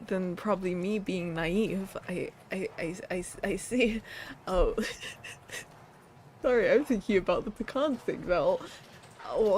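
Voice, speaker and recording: A woman's voice: medium pitch, a little mellow, slight background noise. A woman streaming casually, reading viewer submissions aloud and repeating words with a playful laugh.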